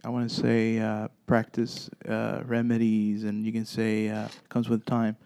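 A man who leads a paranormal investigation group, telling stories in a halting way with many fillers and acting out the dialogue. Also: fairly low pitch, completely flat delivery, gravelly, a little mellow, clear, resonant tone. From Texas. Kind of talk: storytelling guest chat.

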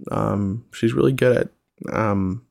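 A young adult man hosting a casual solo podcast, reflective and relaxed, with many ums and you-knows. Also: on the low side, slow, gravelly, no room sound. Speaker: podcast host, single father.

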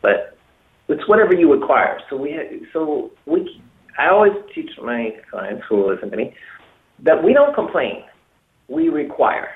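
A man's voice: on the high side, big pitch swings, measured pace. A man giving emphatic dating advice on a talk show, repeating himself and acting out example phrases. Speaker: dating coach. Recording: echoey, tinny phone-like sound.

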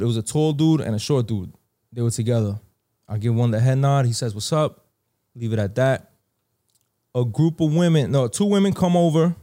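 New york guy telling a story, slangy, acts out what people said, casual chat. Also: mid-range voice. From New York (Bronx). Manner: slangy, animated, acts out dialogue.

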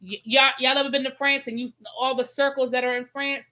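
Bright-voiced woman hosting a chatty live stream. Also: high voice, level tone, brisk. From Washington, D.C. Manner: chatty, explains patiently, reads out viewer comments. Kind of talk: casual live-stream chat.

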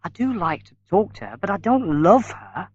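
A man voicing a quick-tempered young man answering sharply and defensively. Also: high-pitched, very animated, slightly rough, dry recording, dull audio, pitched above the performer's own voice, full character voice.

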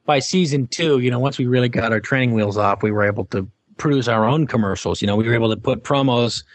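A man's voice: mid-range voice, quick pace, dry recording. Rambling middle-aged man, dry sound. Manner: rambling, many fillers and restarts. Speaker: guest, former game show host. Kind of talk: casual interview anecdote.

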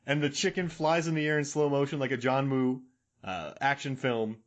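Excitable guy co-hosting a podcast, laughs a lot, does goofy sound effects, average pitch. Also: normal speed. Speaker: podcast co-host. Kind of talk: casual chat.

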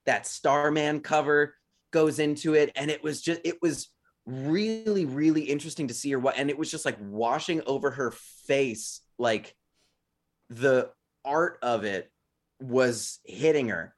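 A man's voice: mid-range voice, unhurried. A man in his thirties co-hosting a podcast, telling a story in casual chat, full of "like" and restarts. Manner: rambling storyteller, many fillers like "like". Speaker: podcast co-host.

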